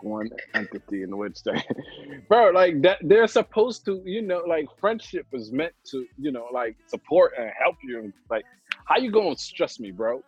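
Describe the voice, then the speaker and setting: A man's voice: mid-range voice, breathy edge, no echo, lo-fi sound. A man in casual podcast chat, laid-back, laughing often and talking with lots of fillers.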